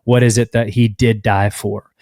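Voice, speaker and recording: A man co-hosting a podcast, recapping a show's plot in a steady, casual way with fillers. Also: lowish voice, moderate pace, dry recording, studio quality. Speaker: podcast co-host.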